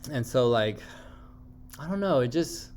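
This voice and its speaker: A man's voice: medium pitch, animated, a little slow, a little mellow, slight background noise. A man talking into the camera in a casual personal monologue, rambling and candid, with lots of fillers and swearing. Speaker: vlogger.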